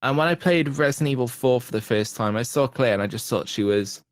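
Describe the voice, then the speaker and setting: A man's voice: medium pitch, brisk, no room sound. Enthusiastic male podcast guest, dry sound. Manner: enthusiastic, rambling, many restarts. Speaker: podcast guest, content creator. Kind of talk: casual chat.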